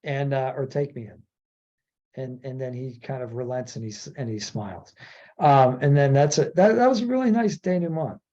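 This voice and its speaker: Brief: male podcast host, casual rambling chat, lively delivery, muffled low-fidelity recording. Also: moderate pace. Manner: rambling, animated, acts out quotes. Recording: dull lo-fi audio.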